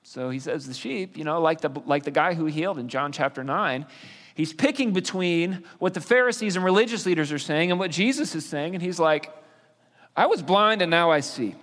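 A man's voice: a little high, expressive, a little fast, a bit bright. A man teaching a sermon in a conversational way, explaining with fillers and restarts. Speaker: pastor. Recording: long reverb of a hall.

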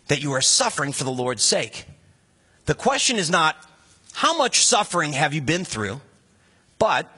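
A man delivers a sermon in a bright, slightly husky voice, talking to his listeners casually and throwing out rhetorical questions. His pitch sits a bit high for a man. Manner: conversational, animated preaching with rhetorical questions. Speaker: pastor.

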